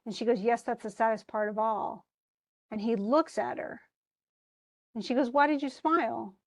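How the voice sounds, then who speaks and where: A woman's voice: fairly high pitch, fairly even intonation, normal speed. A woman teaching a literature class, chatting about a play and reading lines aloud with frequent laughs. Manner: chatty, reads quotes aloud, laughs often.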